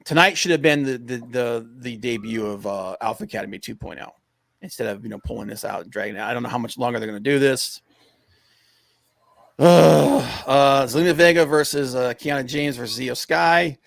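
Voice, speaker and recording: A man co-hosting a casual wrestling podcast, rambling with lots of fillers and breaking into excited rants. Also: mid-range voice, fairly quick, vocal fry, dry recording, clean studio sound. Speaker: podcast co-host.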